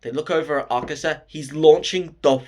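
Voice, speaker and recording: A man recapping a favourite film in casual, profane, excited storytelling. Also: a little high, a little fast. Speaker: film reviewer.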